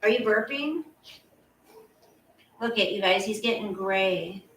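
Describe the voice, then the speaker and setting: A woman's voice: medium pitch, takes it slowly, fairly bright tone. An older woman chatting casually to her viewers, cooing baby talk to her dog. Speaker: vlogger. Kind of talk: casual chat to camera. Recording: echoey room, voice a bit off-mic, faint noise.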